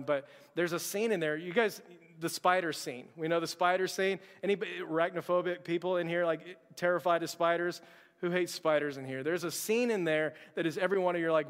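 High-voiced preacher in a reverberant hall. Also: male voice. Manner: earnest, repeats words, addresses the church directly. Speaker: pastor. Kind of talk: sermon. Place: church sanctuary.

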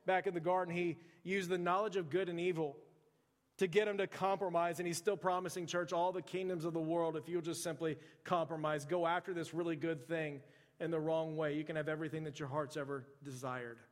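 A man's voice: a little high, level tone, fairly quick. A man preaching a sermon as a pastor, in a conversational style with chatty asides. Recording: long reverb of a large hall.

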